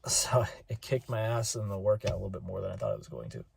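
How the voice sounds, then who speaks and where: A man giving a relaxed, rambling travel update from his car, with lots of fillers. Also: fairly low pitch, fast talker, creaky, slight background noise. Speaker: vlogger.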